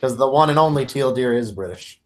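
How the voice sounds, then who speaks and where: A man joining a livestream chat as a guest, voice at an ordinary middle pitch. He makes short, offhand remarks and gives blunt opinions in a loose, casual way. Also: expressive, fast.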